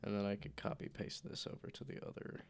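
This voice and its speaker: A man's voice: fast, slight background noise. A man with a sick voice, casually thinking aloud and muttering to himself while coding on a live stream. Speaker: game developer streaming live.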